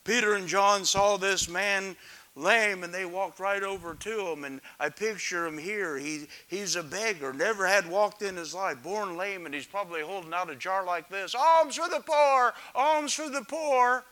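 A man preaching a sermon dramatically, swinging from loud calls to hushed near-whispers and putting questions to the congregation. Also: sits high, moderate pace.

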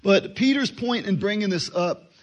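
A man giving a relaxed Bible teaching, talking conversationally and acting out short dialogues. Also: high voice, normal speed. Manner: conversational, acts out little dialogues, fillers.

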